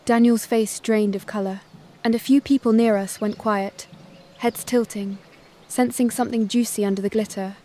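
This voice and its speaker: A woman narrating a first-person family drama story in a calm, measured voice. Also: fairly high pitch, a little hiss or hum.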